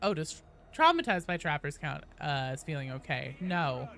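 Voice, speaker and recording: A woman streaming a game, chatting casually with viewers, greeting them loudly and swearing freely. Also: low-pitched, lively intonation, moderate pace, gravelly, soft background music.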